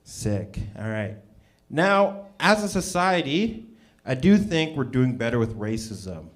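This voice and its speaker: Slow, laid-back young man doing stand-up. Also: medium pitch, sing-song. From Canada. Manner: laid-back, halting delivery with many ums. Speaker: stand-up comedian. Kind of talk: stand-up set at an open mic. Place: small comedy venue with a live audience.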